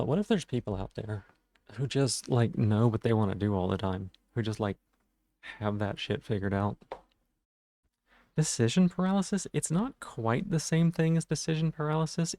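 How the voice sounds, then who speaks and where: A man's voice: medium pitch, mellow, no echo, studio quality. Stuttering man chatting on a live stream. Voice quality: stutters on some words. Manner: rambling, self-deprecating, talking to chat. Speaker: game streamer. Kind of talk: casual live-stream chat.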